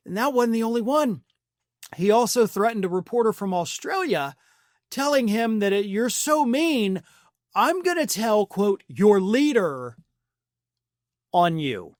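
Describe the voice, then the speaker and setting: A man hosting a political commentary channel, ranting in a heated, insulting way. His voice sits high for a man. The sound is dry and close, with no room sound. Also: dry recording.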